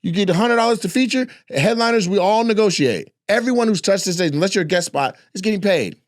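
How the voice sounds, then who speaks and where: A man's voice: high-pitched, animated, quick pace, dry recording. Man, comedian, ranting commentary, profane, repetitive, dry recording.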